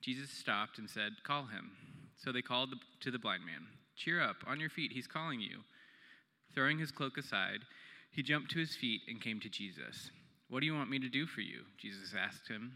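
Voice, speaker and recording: Man reading scripture in a bright, echoing hall. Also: medium pitch, lively intonation. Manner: measured, plain reading aloud.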